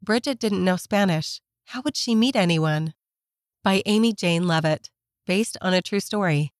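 A woman narrating a children's story in a gentle, measured scripted reading. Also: on the low side, dry recording.

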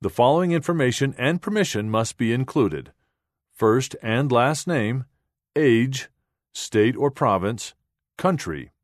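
A man reading a children's magazine aloud in a clear, deliberate scripted style. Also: medium pitch, lively intonation, no echo, clean studio sound. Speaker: magazine reader.

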